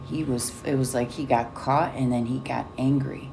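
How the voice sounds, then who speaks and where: Casting note: woman with a very deep voice, blunt and profane, candid personal storytelling. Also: steady tone, moderate pace, creaky, few pauses, noisy background. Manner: blunt, swears often. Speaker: vlogger.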